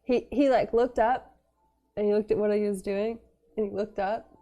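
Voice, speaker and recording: A woman's voice: medium pitch, fairly even intonation, moderate pace, warm tone, dull audio, soft background music. A young woman telling a story in a casual vlog, giggling often and rambling with lots of fillers. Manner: rambling, many fillers and restarts. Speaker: vlogger.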